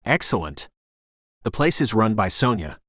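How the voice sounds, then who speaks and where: A man's voice: on the low side, very animated, normal speed, a bit bright, no room sound, studio quality. A man doing a cheerful, chatty small-town man.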